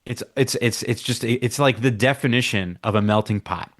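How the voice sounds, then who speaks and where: A man's voice: mid-range voice, normal speed. A man speaking as a reporter guest on a radio talk show, thoughtful and searching for words.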